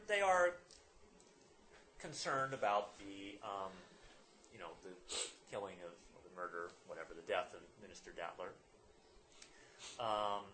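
A man's voice: fairly low pitch, bright, forceful tone, slight background noise. A man narrating a tabletop game as game master, rambling with many fillers and restarts.

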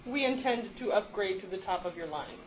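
A woman's voice: mid-range voice, expressive, a little fast, low-quality recording. Haughty woman player in character. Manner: haughty, demanding tone. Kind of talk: in-character tabletop role-play.

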